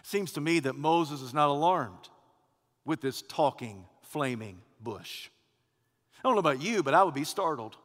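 High-pitched guy preaching a sermon, big dramatic swings loud to soft, long churchy reverb. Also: lively intonation, normal speed. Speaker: pastor. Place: church sanctuary.

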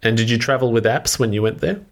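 A man's voice: mid-range voice, fast talker. A man co-hosting a podcast, speaking in long, thoughtful sentences in casual chat. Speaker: podcast co-host.

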